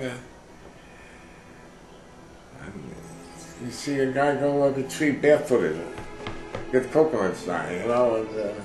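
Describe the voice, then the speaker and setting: A man's voice: mid-range voice, echoey room, rough recording. An older man recounting memories in a rambling, casual way, full of fillers and acted-out orders. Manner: rambling, many fillers, acts out shouted orders. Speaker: interviewee, war veteran. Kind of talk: casual oral history storytelling.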